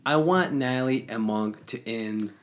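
A guest in a casual recap chat, speaking earnestly with halting repeated words. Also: medium pitch.

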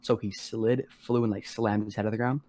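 A teenage boy with a lowish voice, rambling casually through a story with plenty of slang and cursing. He keeps slipping into quick impressions of the people he describes, in a loose, unpolished podcast style. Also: flat delivery, mellow, a little hiss or hum. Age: teens. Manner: slangy, rambling, heavy on "like" and swearing; acts out quoted voices of others. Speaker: podcast co-host.

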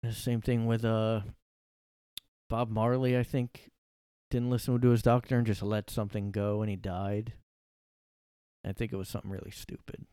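A man's voice: on the low side, flat delivery, moderate pace, long pauses, mellow, clean tone, dry recording, clean studio sound. A man hosting a solo podcast from his room, rambling and sarcastic, swearing freely and sniffly from allergies. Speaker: podcast host. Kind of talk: casual solo rant.

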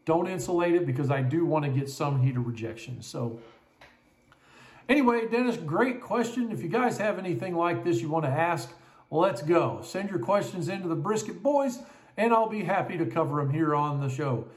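Man, barbecue expert, confident, explanatory, slightly high voice, echoey room. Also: animated, normal speed. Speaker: barbecue expert answering listener questions. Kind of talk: casual explanation.

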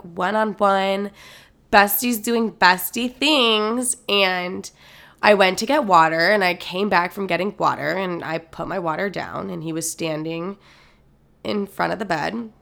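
Young female podcast host, candid personal storytelling, slightly low voice, swears freely. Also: creaky, fairly bright tone. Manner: candid, frequent swearing, filler "like".

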